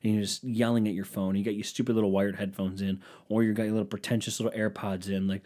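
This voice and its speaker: A man's voice: lowish voice, steady tone, fast talker, hardly any pauses, a little mellow. A young man hosting a solo podcast, ranting in a sarcastic, self-mocking, rambling way. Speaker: podcast host. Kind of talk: solo comedic podcast rant.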